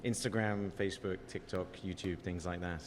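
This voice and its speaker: A man's voice: sits low, fairly even intonation. Joking Englishman on a reverberant stage. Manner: joking, self-deprecating, quick-talking. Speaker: guest. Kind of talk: casual on-stage interview. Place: outdoor backyard bar stage. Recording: long reverb, faint noise.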